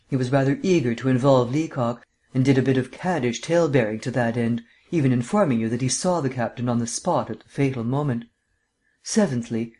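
In this audiobook reading, a male narrator plays a learned, languid amateur sleuth given to long lectures and a mannered drawl. His voice sits in the middle range, has a darkish tone, and is close to an ordinary speaking voice.

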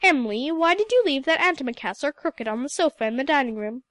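A woman's voice: sits high, lively intonation, quick pace, no echo. A woman voicing a strict, fussy old aunt who scolds and gives orders in a storybook reading. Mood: scolding. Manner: scolding, sharp, commanding.

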